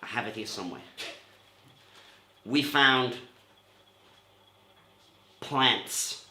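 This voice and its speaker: A man on a comedy stage impersonating a rumpled, dogged TV police lieutenant, talking in a slow, quiet drawl that keeps circling back with "sir" and "you see.". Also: mid-range voice, a little hiss or hum, full character voice. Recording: roomy club echo.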